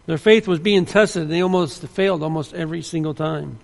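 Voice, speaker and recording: A man's voice: a little high, fairly quick, vocal fry. A man preaching a sermon, earnest and emphatic, often restarting his sentences. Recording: long hall reverb.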